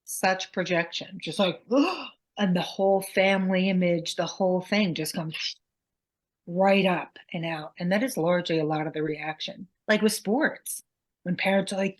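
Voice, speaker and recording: A woman's voice: on the low side, measured pace. A middle-aged woman co-hosting a podcast, talking candidly and reflectively about her own parenting mistakes. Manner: candid, confessional, acts out quotes in a sharper voice. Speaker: podcast co-host. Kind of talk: reflective casual chat.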